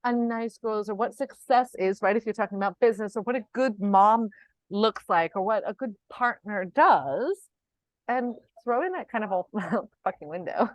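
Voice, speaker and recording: A woman's voice: medium pitch, animated, normal speed, no room sound, low-quality recording. A woman hosting an interview, chatty and reflective, now and then swearing casually as she talks. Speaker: interview host and coach.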